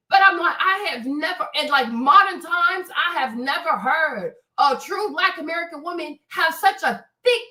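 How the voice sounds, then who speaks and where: Woman, stream commentary host, high voice, blunt and profane, keeps asking "right?", roomy sound from off the mic. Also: pushed and bright, far from the mic. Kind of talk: opinionated live-stream commentary.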